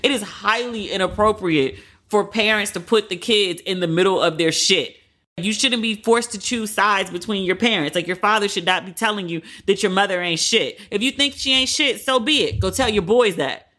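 A woman hosting a podcast, casually retelling celebrity drama in a candid, profane, animated way. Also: medium pitch, moderate pace. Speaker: podcast host. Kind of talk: casual celebrity gossip commentary.

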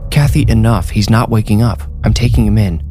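Worried dad done by a deep-voiced guy, urgent and earnest. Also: brisk, music in the background, lightly acted. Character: worried young father.

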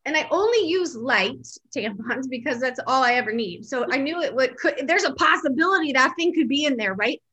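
A woman chatting casually as a co-host, telling an animated personal story, laughing often and acting out what people said. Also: high-pitched, a little fast, few pauses, husky.

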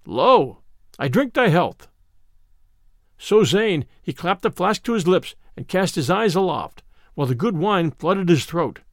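Lively man reading an old tale. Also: high-pitched, normal speed, dry recording, studio quality. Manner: lively, old-fashioned storytelling. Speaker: narrator. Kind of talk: storybook reading.

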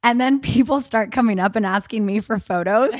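A woman hosting a podcast, telling a story in lively casual chat and acting out what people said. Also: fairly high pitch, fairly quick, no room sound, clean studio sound. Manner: animated storyteller acting out quoted dialogue. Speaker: podcast host.

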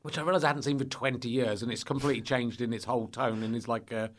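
A man, a comedian guesting on a podcast, talking in a rambling, self-interrupting, animated way. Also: mid-range voice, fast. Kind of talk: casual podcast chat.

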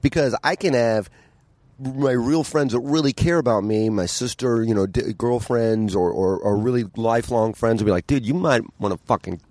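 A man's voice: medium pitch, normal speed, a little mellow, dry recording. A man talking as a podcast guest in casual chat, candid and blunt, swearing and acting out quotes.

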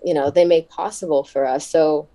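A woman guest in a casual interview, chatty and quick to laugh, with many fillers. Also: low voice, steady tone, warm tone, low-quality recording. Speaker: wrestler and podcast guest.

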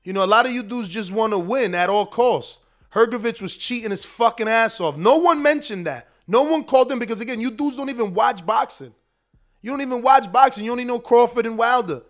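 A man's voice: very high-pitched, a little fast, a bit bright. A man hosting a boxing livestream, ranting in a heated, profane, slangy way straight to his chat. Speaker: boxing commentator, show host. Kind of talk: casual livestream rant.

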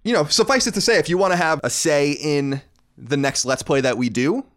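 A man from New York with a mostly faded New York accent, hosting a casual podcast in a fast, sardonic, animated way. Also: a little high. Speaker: podcast host.

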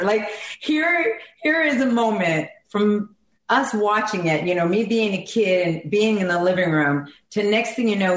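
A middle-aged woman from South Carolina, a singer and ring announcer, reminiscing heartfelt and emotional as an interview guest. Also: medium pitch. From South Carolina, USA. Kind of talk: conversational interview. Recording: echoey room, faint background noise.

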